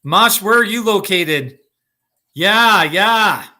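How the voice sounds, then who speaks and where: Broadcasting live from Colorado, a middle-aged American host chats casually through viewer comments, addressing people by name and laughing often. He speaks unhurriedly in a bright voice that sits fairly high, with a chatty, easygoing manner.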